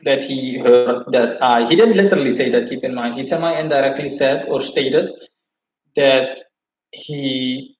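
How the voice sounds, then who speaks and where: A man's voice: mid-range voice, a little slow, slight background noise. A man telling a long story to his livestream viewers, rambling, cursing and restarting as he goes. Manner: rambling, profane, animated retelling. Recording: roomy, slightly dull sound.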